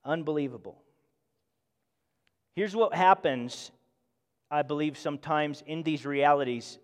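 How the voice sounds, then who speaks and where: A fairly high-voiced man preaching with fervor, his delivery rising into emphatic bursts and then dropping to near-hushed tones. The voice rings out in a church hall with a long reverb tail. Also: unhurried, clean tone. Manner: passionate, swings from loud to hushed. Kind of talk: sermon.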